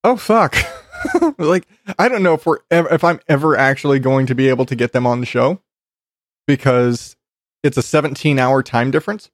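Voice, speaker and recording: A man hosts a podcast from his bedroom, chatting casually, laughing a lot, swearing freely, and restarting often. His voice is medium-pitched at normal speed, with clean studio sound and no room sound.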